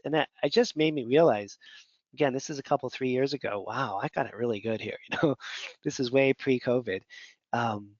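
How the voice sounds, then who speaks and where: A man's voice: medium pitch, a little fast, a little mellow, no echo. A man mentoring doctors in a casual, rambling teaching talk full of fillers. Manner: conversational, rambling, many fillers. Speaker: functional medicine mentor. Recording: dull lo-fi audio.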